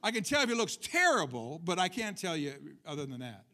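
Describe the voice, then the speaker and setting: High-voiced male pastor preaching casually. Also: big pitch swings, a little fast, bright, forceful tone. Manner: chatty, asks the congregation questions, joking asides. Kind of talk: conversational sermon. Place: church service.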